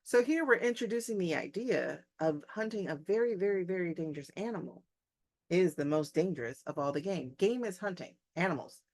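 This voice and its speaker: A woman's voice: lowish voice, lively intonation, a little fast, a little mellow. A woman English teacher reading a short story aloud and breaking off for chatty, joking asides to her class.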